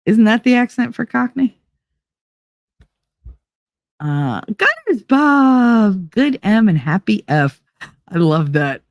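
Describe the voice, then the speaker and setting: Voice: mid-range voice, slow pace, pauses often, no echo, studio quality. Chatty stream host. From United Kingdom. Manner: animated, chatty, sarcastic asides. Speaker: livestream podcast host. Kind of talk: casual chat reading live comments.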